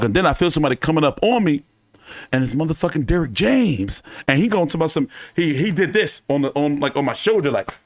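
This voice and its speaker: A man's voice: fairly high pitch, quick pace, no room sound. A man hosting a boxing channel, telling stories to his viewers in a loose, profane, laughing way. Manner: animated, profane, laughing anecdotes. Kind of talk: casual storytelling to viewers.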